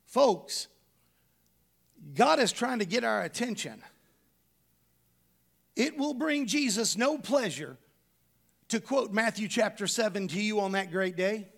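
A middle-aged man delivers a sermon as pastor, his voice pitched high and roughened with a gravelly edge. He talks to the congregation plainly, like a conversation, and presses his points home with rhetorical questions. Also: lively intonation, takes it slowly, long pauses.

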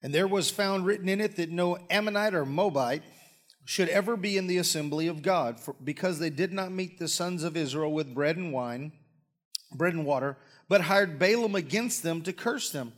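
Man, pastor, folksy sermon, high voice, throat clearing, church mic. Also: normal speed. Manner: folksy, joking asides, coughs and clears throat. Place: church sanctuary with congregation. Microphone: live-streamed stage mic.

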